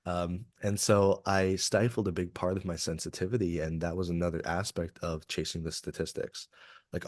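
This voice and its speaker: A man's voice: low-pitched, steady tone, moderate pace, no echo, clean studio sound. A man from Kentucky, an executive coach talking earnestly and reflectively as a guest in a podcast interview. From Kentucky, USA. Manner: earnest, reflective, open about feelings.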